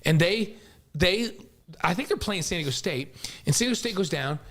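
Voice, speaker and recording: A man's voice: high voice, moderate pace. A man who hosts a sports podcast and works as a game broadcaster, telling a story in casual chat and acting out the quotes. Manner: energetic anecdote telling, acts out quotes.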